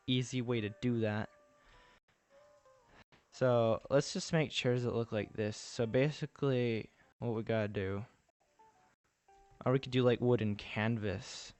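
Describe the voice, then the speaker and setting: A man with a light Texan accent talks through his work on a live stream, wandering from thought to thought and greeting viewers as they arrive. His voice comes through clean and smooth, close and dry, with faint music somewhere behind him. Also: mid-range voice, no room sound. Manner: rambling, thinking aloud, chatting to viewers. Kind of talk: casual live-stream commentary while building.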